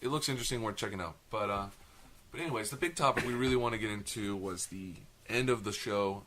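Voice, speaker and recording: A man's voice: on the low side, fast, a bit bright, slight background noise. A young man co-hosting a casual podcast chat, talkative and a bit long-winded, self-deprecating. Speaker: podcast co-host.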